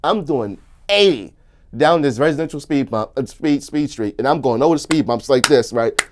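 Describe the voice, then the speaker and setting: A young man telling a crude story in casual chat, animated and bursting into shouts and laughter. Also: medium pitch, normal speed. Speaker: comedian guest.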